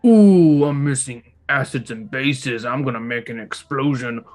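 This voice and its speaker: A man's voice: medium pitch, a little slow, darkish tone, lightly acted. A man voicing a dim-witted male monkey scientist who hoots and talks in broken speech. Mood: excited. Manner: grunting broken speech, hooting.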